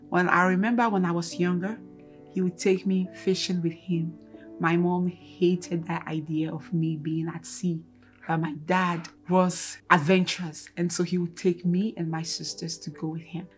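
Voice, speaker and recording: A woman's voice: on the low side, little pitch movement, moderate pace, soft background music. A woman from Ghana, tearfully sharing an earnest, emotional personal testimony as co-host of a Christian couple's channel. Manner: earnest and emotional, reliving events in detail.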